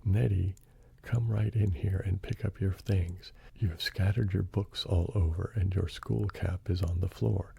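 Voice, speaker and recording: A man's voice: deep voice, steady tone, a little slow, vocal fry, warm tone, husky, exaggerated voice. A man voicing a firm, orderly mother bear scolding her cub in a storybook reading.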